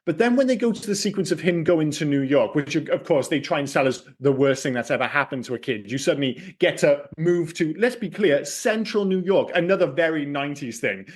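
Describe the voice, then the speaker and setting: A man's voice: on the high side, lively intonation, a little fast, few pauses. A man co-hosting a podcast, chatting casually about an old film, rambling, correcting himself and swearing freely. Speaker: podcast co-host.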